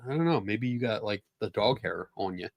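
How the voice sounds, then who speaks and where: A man's voice: on the low side, animated, vocal fry, dry recording. Stuffy-nosed man with a Philly accent. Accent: Philadelphia. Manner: rambling, halting, laughs often. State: stuffy nose. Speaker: podcast host. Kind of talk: casual livestream chat.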